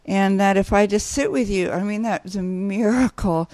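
A woman's voice: medium pitch, normal speed, darkish tone, no echo. Woman podcast guest, discursive storyteller with frequent restarts, dry close sound. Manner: rambling storyteller, many restarts, laughs easily. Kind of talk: casual conversation.

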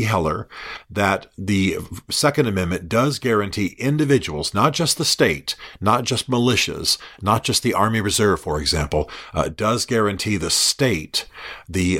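Podcast host, male, low-pitched, measured explainer with a halting, filler-laden delivery. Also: a bit bright. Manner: measured, slows down to quote texts; frequent fillers and restarts.

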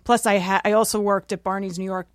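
A woman's voice: mid-range voice, steady tone, quick pace, no room sound, studio quality. A woman telling self-deprecating anecdotes in casual chat, often laughing. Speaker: guest.

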